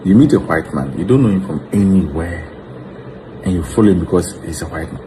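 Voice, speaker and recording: A man's voice: sits low, brisk, background noise. A man with a Ghanaian accent giving casual, mocking commentary to his viewers, sounding incredulous.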